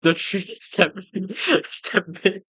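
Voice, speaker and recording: Excitable, laughing streamer who swears a lot. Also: mid-range voice, normal speed, husky, no room sound. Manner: stammers and restarts when flustered. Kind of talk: casual live-stream reaction.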